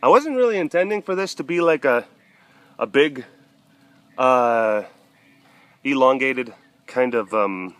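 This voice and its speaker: A man's voice: medium pitch, expressive, measured pace, pauses often, no room sound. Rambling, jokey man outdoors. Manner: rambling, jokey, coos at the cats, breaks into playful sound effects. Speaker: big cat sanctuary keeper and webcast host. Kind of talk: casual outdoor vlog chat. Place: outdoors at an animal compound during rainy weather.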